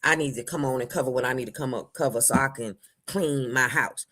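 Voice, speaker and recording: Hosting a laid-back livestream, a woman calls out viewers by name, speaking briskly with hardly any pauses. She swings between loud outbursts and low, murmured asides.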